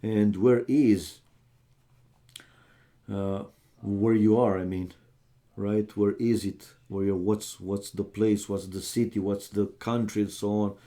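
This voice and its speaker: A young man talks with his stream viewers in an easy, unhurried way. His voice sits fairly low and has a dark, mellow tone. He moves between small talk with viewers and commentary on the match. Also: steady tone. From Romania. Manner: chatty, talks straight to viewers, calls them "man". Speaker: live streamer casting a strategy game. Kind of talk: casual live-stream chat and match commentary.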